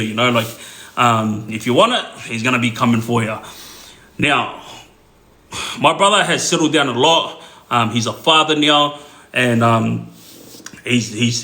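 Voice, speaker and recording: A man's voice: mid-range voice, sharp tone. Man telling a rambling story. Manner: rambling, filler-heavy, laughs at his own story. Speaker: livestream storyteller. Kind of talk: casual storytelling on a livestream. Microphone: phone. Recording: roomy echo.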